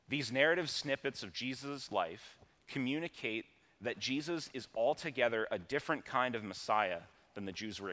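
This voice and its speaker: A man's voice: mid-range voice, fairly bright tone. A man preaching a sermon in a conversational, plain-spoken way, with casual asides. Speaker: pastor.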